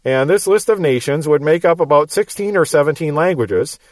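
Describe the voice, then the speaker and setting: A man's voice: a little high, animated, normal speed, dry recording. A man with a Midwestern American accent teaching the Bible verse by verse, explaining patiently and repeating words as he goes.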